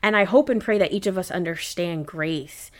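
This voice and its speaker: A woman's voice: lowish voice, moderate pace. Earnest woman retelling a Bible story. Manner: earnest storytelling with lively asides. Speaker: podcast co-host. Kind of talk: casual Bible discussion.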